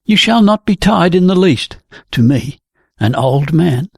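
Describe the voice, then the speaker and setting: Brief: reader doing an older storybook man, husky and insistent, speech rising and falling widely. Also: fairly high pitch, expressive, a little slow, darkish tone, no echo, studio quality, full character voice. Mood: pleading. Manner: earnest, insistent pleading. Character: aging man, pleading and protective.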